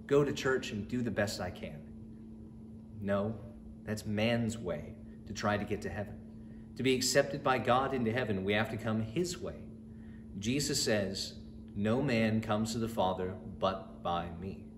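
Earnest church storyteller, man, mid-pitched voice, bedtime Bible narration to kids, echoey room. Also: noisy background. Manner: earnest, addresses children directly. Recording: roomy echo.

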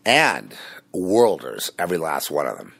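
A man hosting a rambling, combative monologue, dropping low and quiet when he confides. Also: sing-song, unhurried, creaky, husky. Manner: rambling and combative, mocking laughs. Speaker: host. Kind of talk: spoken monologue on religion and conspiracy.

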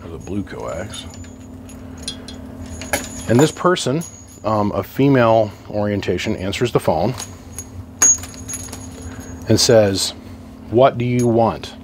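A man's voice: fairly low pitch, sing-song, slow, long pauses, a little hiss or hum. A man chatting to camera in his home workshop, telling a long rambling story in a casual, salty way. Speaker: radio repair vlogger.

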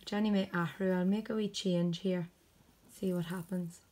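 A woman's voice: fairly low pitch, fairly even intonation, moderate pace, darkish tone. A woman teacher, sounding out letters one by one in a phonics lesson for children.

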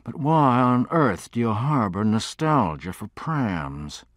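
A man's voice: mid-range voice, lively intonation, slow pace, no room sound, studio quality, voice pushed up. A man voicing a wealthy, pompous and condescending man in an audiobook, with an affected, posh way of talking. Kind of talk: audiobook character voice.

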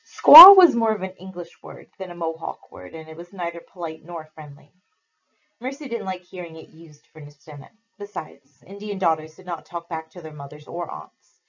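A woman, a teacher, reading a novel aloud to her class in a steady, clear way. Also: on the low side, moderate pace, highs cut off.

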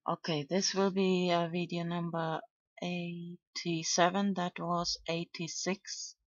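A woman talking casually in her video blog, hesitant and halting, often trailing off with fillers. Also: fairly low pitch, little pitch movement, no room sound, lo-fi sound. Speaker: video blogger. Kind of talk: casual vlog commentary.

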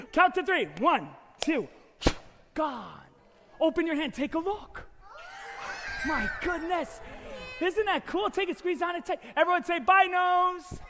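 A man's voice: extremely high pitch, fairly bright tone, a little hiss or hum. A man performing a playful family magic show on stage, leading the audience in call-and-response. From United States. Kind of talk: live kids' magic show patter. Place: concert hall stage. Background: music playing.

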